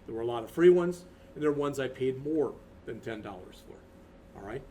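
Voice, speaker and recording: A man's voice: mid-range voice, expressive, normal speed, mellow, a little hiss or hum. A man in his fifties, a college instructor, talking through a recorded lecture in a rambling, conversational way with many restarts.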